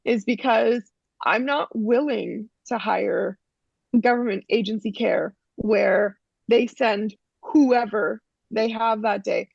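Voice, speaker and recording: Frank, emphatic gravelly woman. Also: fairly high pitch, no echo, dull audio. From Canada. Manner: frank, emphatic, many restarts and "you know". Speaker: interview guest. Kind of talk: casual interview talk.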